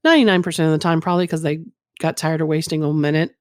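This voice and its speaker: Woman guest, low voice, candid and rambling, casual podcast talk, dry sound. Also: very fast, darkish tone, no room sound. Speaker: guest, former phone sex operator.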